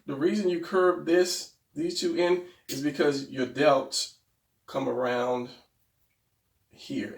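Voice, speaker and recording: Man, drawing teacher, casual rambling talk, roomy echo, mic set back. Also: mid-range voice. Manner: rambling, thinks aloud while sketching. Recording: roomy, mic far from speaker.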